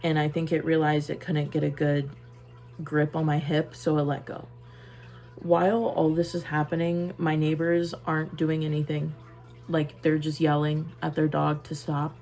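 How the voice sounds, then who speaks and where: A young woman with a low, gravelly voice recounts a personal story straight to camera. She talks casually and emphatically, circling back to repeat her words. Her delivery stays plain and conversational. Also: little pitch movement, moderate pace, mellow. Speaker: vlogger.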